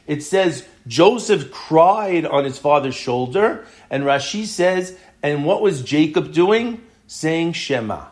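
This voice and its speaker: A man teaching a classroom Torah lesson, explaining earnestly through rhetorical questions and often dropping to a low, intense voice.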